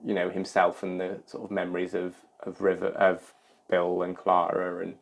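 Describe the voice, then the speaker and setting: A man co-hosting a podcast in casual chat, measured and hedging as he thinks aloud. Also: low voice, completely flat delivery, creaky. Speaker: podcast co-host.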